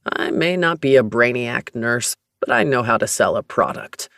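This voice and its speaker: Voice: medium pitch, expressive, normal speed, a bit bright, no echo, clean studio sound, pitched below the performer's own voice. A narrator doing a snarky, cocky young man. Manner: teasing, snarky, defensive. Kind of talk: audiobook narration.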